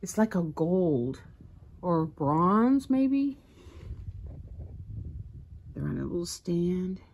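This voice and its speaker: Filming herself at home on a handheld camera, a middle-aged home vlogger gushes over her decor to the camera, often repeating herself. Her lowish, darkish voice has lively intonation and a very slow pace, with slight background noise.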